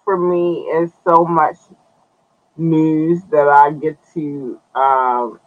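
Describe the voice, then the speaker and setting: Slow-talking man hosting a lo-fi podcast. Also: fairly high pitch, level tone. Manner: loose, chatty, talks to viewers, curses, stretches words. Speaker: podcast host. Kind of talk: casual live-stream news commentary.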